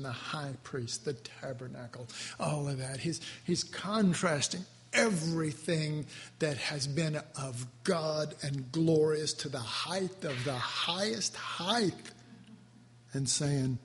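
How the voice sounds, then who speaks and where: A male preacher giving a sermon, slow and emotional, drawing out his words as he is moved to his core. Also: mid-range voice. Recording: reverberant hall, faint ambience.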